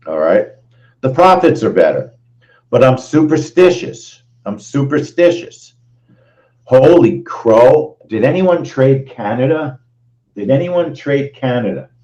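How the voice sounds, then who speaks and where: A man's voice: medium pitch, very animated, takes it slowly, dark tone, lo-fi sound. A man hosting a live trading stream, going over the results in an emphatic way and repeating his phrases. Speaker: trading show host. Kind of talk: live-stream trade recap.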